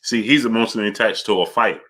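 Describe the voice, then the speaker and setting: Bright-voiced male live-stream host, lowish pitch, calls out chat names and argues hard. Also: steady tone, very fast. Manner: greets viewers by name, argues forcefully. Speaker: boxing channel host.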